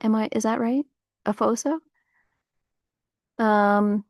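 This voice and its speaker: Woman, casual rambling livestream chat, outdoors, gravelly fry, dry recording. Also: medium pitch, moderate pace, no room sound. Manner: rambling, animated, full of fillers. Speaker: livestream host.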